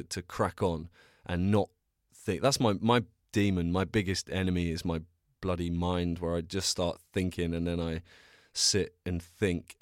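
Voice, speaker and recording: Alone on his podcast, a young man from England rambles through self-deprecating chat and stories that flare with sudden energy. His voice sits low, captured in clean studio sound without echo.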